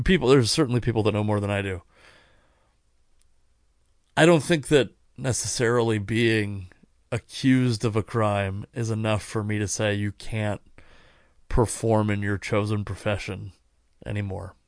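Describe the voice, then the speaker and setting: A man's voice: lowish voice, steady tone, normal speed, dry recording, clean studio sound. A man hosting a podcast alone, talking in a rambling way with wry asides and frequent self-corrections, and he sounds tired. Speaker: podcast host. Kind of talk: casual solo podcast monologue.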